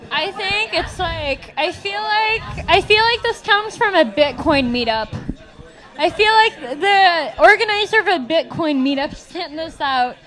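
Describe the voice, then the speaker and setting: Very high-voiced incredulous woman panelist. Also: lively intonation, unhurried, a bit bright. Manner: incredulous, rambling tangents. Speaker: roast panelist. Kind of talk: casual comedic riffing. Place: comedy club on stage.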